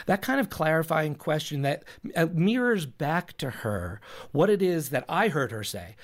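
Pastor guest, male, slightly high pitch, earnest teaching tone, talks through examples. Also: sing-song, normal speed. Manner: explains with examples, repeats himself while thinking. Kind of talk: earnest advice in a recorded talk.

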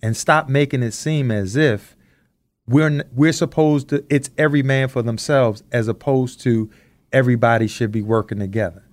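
A man co-hosting a podcast, talking in an earnest, reflective way as he slowly builds his points. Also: mid-range voice, no echo. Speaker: podcast co-host. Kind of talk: casual discussion.

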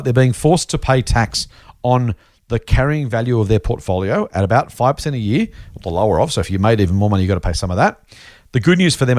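A man's voice: medium pitch, no room sound, clean studio sound. An Australian man hosting a podcast, chatting casually and enthusiastically with plenty of fillers. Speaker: podcast host.

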